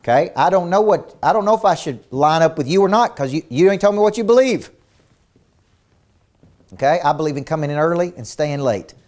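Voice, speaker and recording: His voice is fairly high, expressive, and brisk, with a darkish tone. This business coach runs a virtual seminar in an intense, emphatic style, firing off rhetorical questions and repeating words whenever he begins a new point.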